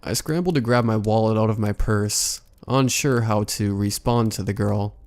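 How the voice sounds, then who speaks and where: A man narrating a scary story in a calm, measured storytelling manner. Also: lowish voice. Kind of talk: scripted horror story narration.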